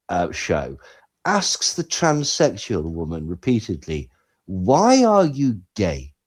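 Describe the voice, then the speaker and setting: A man co-hosts a podcast in a loose, sarcastic chat. His pitch swoops widely as he talks, and he jumps between loud bursts and quiet asides. His voice sits in the middle range. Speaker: podcast co-host. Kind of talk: casual commentary chat.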